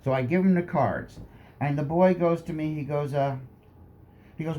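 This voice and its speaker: A man telling a comic personal story with animated delivery, often tacking "like that" onto his lines. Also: fairly high pitch, normal speed, lo-fi sound. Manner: animated, full of "like that" asides.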